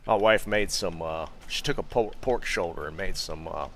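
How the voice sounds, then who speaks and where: A man's voice: low voice, normal speed, fairly bright tone, slight background noise. A man streaming a video game, chatting casually with his viewers, often breaking into laughter and addressing them by name.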